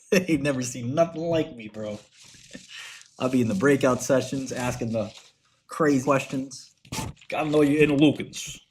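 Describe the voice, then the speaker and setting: A man's voice: mid-range voice, a little slow, pauses often, slight background noise. A man hosting a casual livestream, talking loosely and full of slang while he clicks through research. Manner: loose, slangy storytelling, calls listeners bro. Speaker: finance streamer and host.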